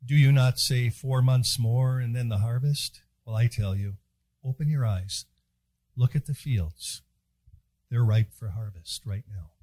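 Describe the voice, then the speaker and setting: A man's voice: mid-range voice, measured pace, a little mellow, breathy edge, no echo. A man preaching a sermon in a chapel, folksy and joking as he tells stories.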